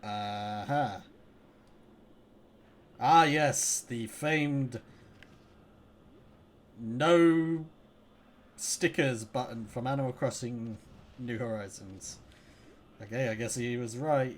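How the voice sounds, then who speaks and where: A woman's voice: very deep voice, drawn-out words, pauses often. A woman casually commenting on a game as she plays, chatty and jokey and reacting aloud to what happens on screen. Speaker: let's play gamer.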